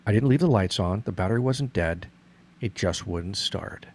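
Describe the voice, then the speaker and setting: Man, middle-aged, gravelly low register; earnest explainer, restarts his sentences often. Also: animated, moderate pace, darkish tone. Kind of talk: casual conversation.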